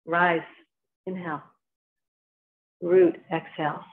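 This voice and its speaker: A woman's voice: lowish voice, little pitch movement, takes it slowly. A woman with a New Jersey accent leading a qigong class, giving short spoken cues timed to each movement. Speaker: qigong instructor. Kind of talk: guided exercise class instruction. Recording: tinny phone-like sound.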